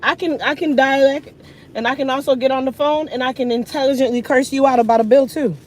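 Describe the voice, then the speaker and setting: A woman in her thirties ranting casually while getting ready, sassy and animated, talking with food in her mouth. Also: high voice, quick pace, a little hiss or hum. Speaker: hair care vlogger.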